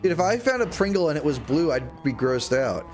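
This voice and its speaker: A young man livestreaming a game, chatting to his viewers in a rambling way and bursting into mock-outraged shouts. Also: fairly high pitch, sing-song, a little fast, faint music behind. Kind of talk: casual gaming livestream chat. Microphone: desk microphone.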